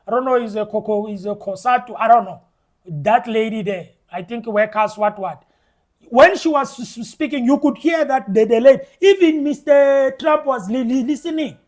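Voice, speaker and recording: A South African man giving passionate political commentary to his viewers, stammering through restarts and speaking straight to the audience. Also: extremely high pitch. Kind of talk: opinionated commentary to camera.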